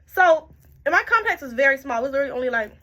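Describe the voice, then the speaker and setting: A woman's voice: high-pitched, lively intonation, rapid-fire, fairly bright tone. A tipsy young woman telling a storytime in casual, profane chat, jumping around as she goes. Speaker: storytime vlogger.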